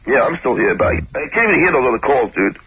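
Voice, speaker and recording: A man's voice: mid-range voice, big pitch swings, fast talker. A man on a radio show defending himself and apologizing over and over, stammering as he talks. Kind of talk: radio talk show banter. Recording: dull lo-fi radio broadcast with clear background noise.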